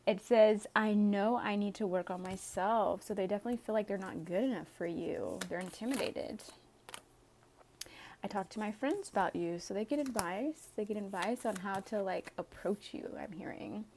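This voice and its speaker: A woman's voice: mid-range voice, moderate pace, darkish tone, a little hiss or hum. A woman doing a casual tarot reading for viewers. She reads the cards aloud in a chatty way, with sighs and laughs along the way. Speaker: tarot reader.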